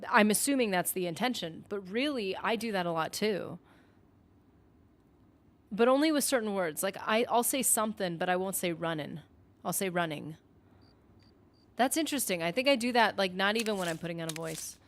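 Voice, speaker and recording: A woman's voice: mid-range voice, expressive, a little fast, pauses often. A woman from the northern United States chatting casually on a game stream, rambling with lots of "like" and breaking off mid-thought while reading out viewer comments. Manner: rambling, chatty, full of "like" and self-interruptions; reads viewer comments aloud. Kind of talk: casual live-stream chat.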